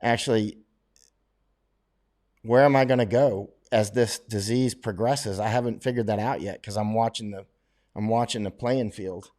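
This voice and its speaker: Answering viewers' questions during a livestream, this Floridian man in middle age talks in a loose, rambling way, laughing and starting over often. He has a lowish, slightly mellow voice, a fairly steady intonation and moderate speed.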